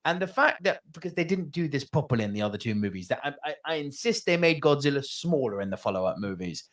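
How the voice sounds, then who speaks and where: A man co-hosting a movie podcast, talking in a loose, swearing, animated way. His pitch swings widely as he gets carried away. He tells his points like stories. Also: fast. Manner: animated, swearing, bursts into loud laughter. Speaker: podcast co-host. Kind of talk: casual chat.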